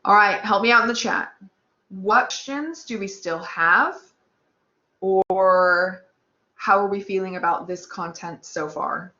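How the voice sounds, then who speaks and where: A woman's voice: medium pitch, slow, pushed and bright. A woman teaching an anatomy lab class online, upbeat and chatty, talking straight to her students. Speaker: anatomy instructor. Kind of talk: live online lab lesson. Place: online class with text chat. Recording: echoey room, slightly dull sound.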